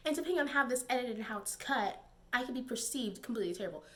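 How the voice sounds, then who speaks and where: A woman's voice: a little high, fast talker, fairly bright tone. A young woman giving casual, digressive commentary to camera, laughing and using many fillers. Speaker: YouTube commentator.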